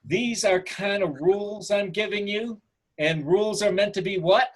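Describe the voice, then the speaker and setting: Upbeat male photography teacher, higher voice. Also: normal speed. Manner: asks the class questions, encouraging. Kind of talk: online class over video call. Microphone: video call.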